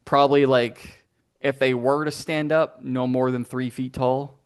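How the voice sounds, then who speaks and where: A man narrating as game master of a tabletop game, playful and animated, with sound effects. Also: medium pitch, a little slow, smooth.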